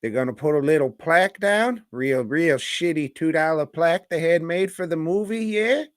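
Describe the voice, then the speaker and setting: A man's voice: a little high, moderate pace, dry recording, studio quality. A man co-hosting a movie review podcast, rambling and joking in casual, profane banter sprinkled with "mate" slang.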